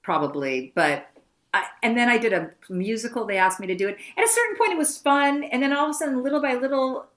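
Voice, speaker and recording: An actress being interviewed on a podcast, telling lively anecdotes and acting out the voices of people she quotes. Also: a little high, fast. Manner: lively storyteller who acts out quoted voices. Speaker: actress guest.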